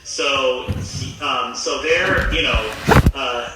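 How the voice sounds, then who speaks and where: A man's voice: medium pitch, very slow, very noisy. A man, a Buddhist reverend and guest, telling a story in a casual, hesitant way with many fillers and restarts. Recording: very echoey room.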